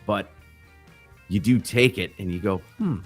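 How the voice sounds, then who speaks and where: A man's voice: low voice, measured pace, slightly rough, soft background music. A man hosting a casual livestream, talking loosely with restarts and swearing. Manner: rambling, loose and profane, restarts often. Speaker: livestream host. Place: backyard grill gazebo.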